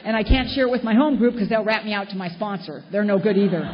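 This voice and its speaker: A woman's voice: mid-range voice, fast talker, soft background music. Older woman telling a wry story in a hall. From Southern California. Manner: candid, wry, lively storytelling. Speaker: speaker at a recovery meeting. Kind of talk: personal story told to an audience. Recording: echoey hall, dull lo-fi sound, faint noise.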